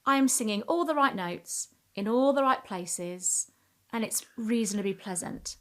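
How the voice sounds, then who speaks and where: A middle-aged woman, a communication coach talking expressively in a podcast interview, shifting her pitch and pace for emphasis. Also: animated, measured pace.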